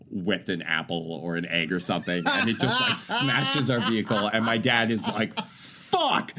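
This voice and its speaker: A man's voice: on the low side, pushed and bright. A man hosts a casual podcast. He tells long, rambling family stories, swears freely and fills his sentences with "uh" and "like". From Canada. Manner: profane, rambling storyteller with many fillers. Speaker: podcast host.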